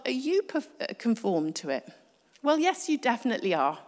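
A woman's voice: sits high, very animated, a little fast, long reverb tail. A woman preacher giving a conversational sermon, asking her congregation rhetorical questions.

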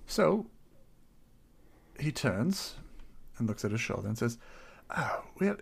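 A man's voice: mid-range voice, sing-song, slow, creaky, husky. A man playing his character in a tabletop game, hesitant and fussily polite, stammering often. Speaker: player.

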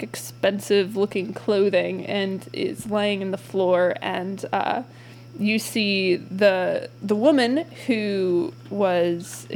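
A young woman running a tabletop game as game master, describing scenes casually with many fillers and pauses. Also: medium pitch, a little hiss or hum.

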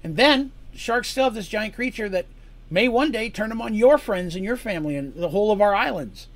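A man's voice: high-pitched, animated, fairly quick, voice pushed up. A man doing a rousing ship captain. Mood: rallying. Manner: rallying, emphatic.

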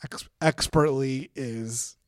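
A man's voice: medium pitch, slow, no room sound. A man co-hosting a faith podcast in a studio, chatting casually and laughing often at his own jokes. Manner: laughs often, joking banter. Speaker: podcast co-host. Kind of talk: casual chat.

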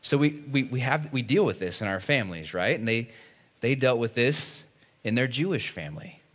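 A pastor delivering a conversational sermon, often asking "right?" and acting out quoted voices. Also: male voice, mid-range voice, animated, normal speed.

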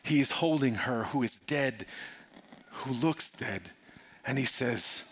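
A middle-aged man preaching a sermon, moving from soft, confiding talk to loud, urgent preaching. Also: mid-range voice, lively intonation, slow, husky. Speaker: pastor.

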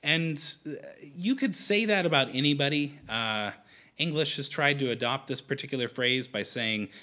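Male preacher, lively pitch, bright tone, conversational, frequent restarts. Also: moderate pace. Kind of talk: sermon.

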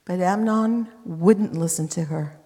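A woman's voice: fairly low pitch, measured pace, dark tone. A woman preacher retelling scripture in a sermon, emphatic with conversational asides. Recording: long hall reverb.

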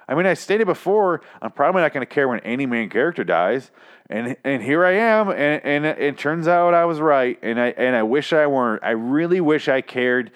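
Profane, exasperated man ranting. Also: medium pitch. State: tired, achy after whiskey. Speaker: podcast host. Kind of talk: ranting TV episode review.

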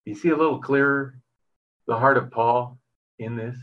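A man's voice: medium pitch, fairly even intonation, normal speed, phone-quality sound. A middle-aged man preaching a sermon, reading scripture and telling a personal story in a conversational way with fillers and frequent asides to the congregation. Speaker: pastor.

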